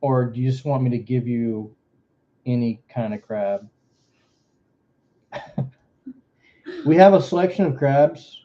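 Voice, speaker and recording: A mellow, dark-toned man with a Southern accent rambles through a casual livestream, cracking jokes between giveaways. He is from Florida. The audio is a little muffled and lo-fi. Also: mid-range voice, slow pace, long pauses. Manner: rambling, joking, drawling asides. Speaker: livestream host. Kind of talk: casual stream chat.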